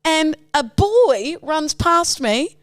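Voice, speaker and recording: A woman's voice: high voice, very slow, dry recording, clean studio sound. A young Australian woman co-hosting a podcast, telling stories with lots of swearing and acted-out quotes. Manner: animated storyteller, swears, acts out quotes. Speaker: podcast co-host. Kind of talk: casual chat.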